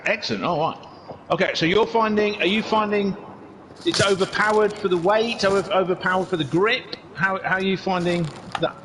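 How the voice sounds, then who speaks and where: Rambling host, slightly high voice, faint background hiss, loose casual stream patter. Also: male voice, a bit bright. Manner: chatty, rambling, restarts sentences while interviewing. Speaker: racing league host. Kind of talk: casual livestream chat.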